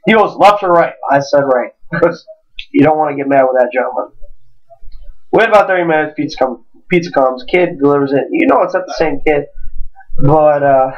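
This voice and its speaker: A man casually telling a comic story on a home podcast, rambling, animated and swearing when worked up. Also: high voice. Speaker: podcast co-host. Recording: distant, dull lo-fi home recording.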